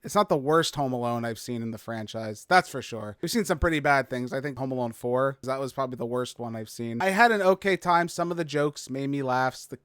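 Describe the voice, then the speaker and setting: A man's voice: medium pitch, a little fast, hardly any pauses, fairly bright tone, clean tone, dry recording, clean studio sound. A man co-hosting a movie review show, blunt and exasperated as he picks the film apart. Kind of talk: casual review chat.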